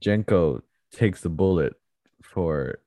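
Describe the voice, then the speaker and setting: A young man chatting casually about movies, laughing often and retelling scenes quickly. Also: deep voice, expressive, dark tone, dry recording, clean studio sound.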